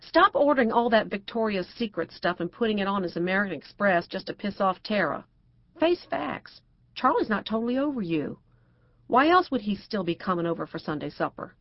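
A woman's voice: medium pitch, very animated, a little fast, no room sound, muffled recording. A woman doing a prim, fretful housewife. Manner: proper and fretful. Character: prim, cautious middle-aged housewife.

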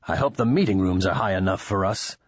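A man voicing a gruff, blunt character in an audiobook, speaking plainly and low. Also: brisk, no echo, dull audio. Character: gruff practical man called Papa.

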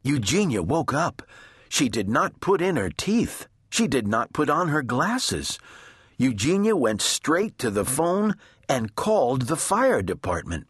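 A man narrating a children's storybook in a gentle, deliberate storytelling manner. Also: mid-range voice, big pitch swings, husky, dry recording, studio quality. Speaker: audiobook narrator.

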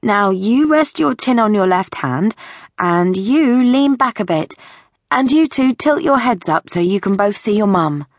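A woman narrator voicing a cheerful young woman photographer who gives brisk, encouraging directions to a family. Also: medium pitch, animated, dry recording, clean studio sound, pitched above the performer's own voice. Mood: upbeat, coaxing.

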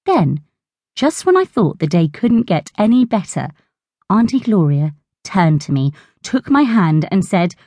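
Expressive woman reading a kids' book. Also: lowish voice, a little slow, no echo. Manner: bright, expressive storytelling. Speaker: audiobook narrator. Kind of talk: children's audiobook narration.

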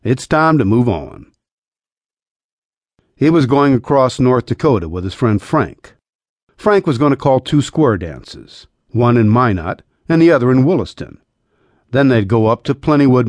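Man, audiobook narrator, lively intonation, dry close recording. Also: mid-range voice, moderate pace, dry recording. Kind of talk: scripted narration.

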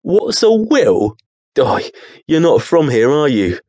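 A man voicing a small furry lemur-like male creature that talks in a gruff, blunt and matter-of-fact way. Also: mid-range voice, big pitch swings, normal speed, no echo, close to an everyday voice.

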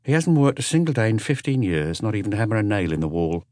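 A man reading an audiobook, voicing an older woman cleaner and ex-convict who answers calmly and bluntly, without fear. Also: on the low side, fast, no echo, pitched above the performer's own voice. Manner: calm, unflinching, blunt.

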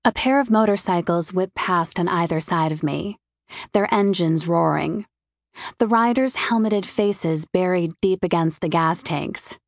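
A woman's voice: on the low side, unhurried, dry recording. A woman giving a wry, intimate first-person audiobook narration, recorded in a studio. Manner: wry, intimate inner monologue.

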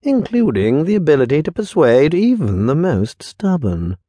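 A man's voice: on the high side, very animated, moderate pace, warm tone, husky, no room sound, pitched above the performer's own voice. A man reading the part of a nervous, well-bred pirate scoundrel who talks eagerly and wheedles, in an audiobook. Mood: persuasive. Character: nervous, pompous rich male pirate scoundrel.

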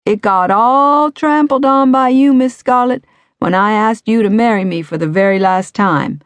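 A woman voicing an older man who lives on the street, a teasing rascal with a raspy voice and an exaggerated deep drawl. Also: normal speed, no echo, close to an everyday voice. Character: old male street regular, teasing rascal. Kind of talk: audiobook character voice.

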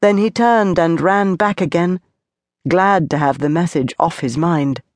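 A woman narrating a children's audiobook with gentle, measured storytelling. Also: fairly low pitch, no echo, clean studio sound. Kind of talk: scripted narration.

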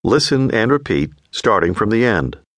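A man narrating a language course in a clear, patient, scripted teaching voice. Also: on the low side, very animated, normal speed, fairly bright tone, no echo, clean studio sound. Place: recording studio.

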